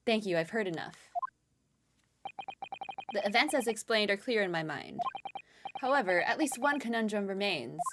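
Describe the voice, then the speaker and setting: A woman's voice: medium pitch, lively intonation, normal speed, pauses often, very noisy, pitched above the performer's own voice, close to an everyday voice. A woman voicing a stern elderly male judge, speaking formally and with command.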